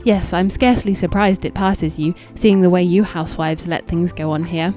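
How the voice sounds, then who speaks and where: A woman reading the lines of a stately old lady in her seventies, bland and sweetly benevolent, in her own mellow voice. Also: on the low side, fairly even intonation, normal speed, faint music behind, natural voice. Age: 70s.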